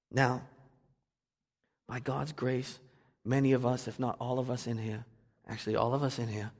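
A male pastor preaching a sermon, swinging from hushed to loud and fervent. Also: mid-range voice, vocal fry, breathy edge. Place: church sanctuary. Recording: long reverb of a church hall.

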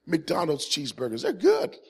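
A man in his forties gives a humorous testimony from his ministry to a live crowd. His voice sits a touch higher than most men's. He is an animated storyteller who gets loud on the jokes and drops low and earnest for the serious moments. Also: moderate pace, creaky, slight background noise. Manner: animated storyteller, swings from loud punchlines to quiet earnest points. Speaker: Christian ministry speaker.

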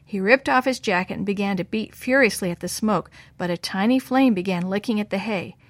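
A woman narrating a children's story, using lively voices for the boys' lines. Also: mid-range voice, a little fast, no room sound.

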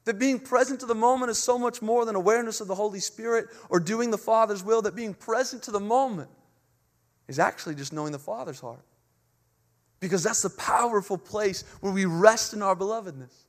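A man's voice: high-pitched, fairly quick. A man in his thirties preaching a sermon as pastor, earnest and conversational, slipping into casual storytelling.

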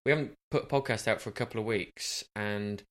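A man's voice: on the low side, fairly quick. A man co-hosting a casual podcast chat, teasing and jokey, rambling with plenty of fillers. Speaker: podcast co-host.

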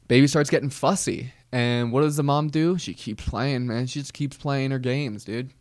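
A man hosting a comedy podcast, telling a rambling deadpan story with casual slang. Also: medium pitch, moderate pace, hardly any pauses, dry recording, clean studio sound. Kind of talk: comedic monologue.

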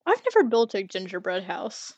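A woman chatting casually on a podcast, telling animated stories and laughing often. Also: medium pitch, normal speed, dry recording, lo-fi sound. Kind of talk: casual chat.

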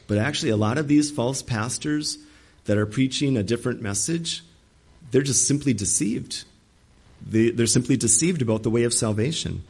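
A man's voice: mid-range voice, a little mellow, breathy edge. A man preaching an emphatic sermon, acting out the voices he quotes. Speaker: pastor.

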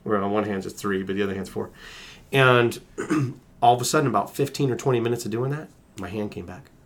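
A man's voice: lowish voice, brisk. A middle-aged man recounting a personal story as an interview guest, earnest, with restarts and acted-out quotes.

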